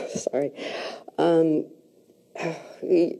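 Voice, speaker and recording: A hesitant, self-conscious woman talking through a coaching session. Her voice is low and gravelly, with a warm, mellow tone. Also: lively intonation, a little slow. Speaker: client. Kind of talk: casual session talk.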